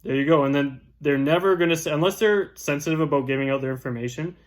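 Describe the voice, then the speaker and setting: Quick-paced and fairly high-pitched, this young man gives chatty, casual instruction on the door-knocking scripts he uses as a real estate agent, and he keeps tagging points with "right?"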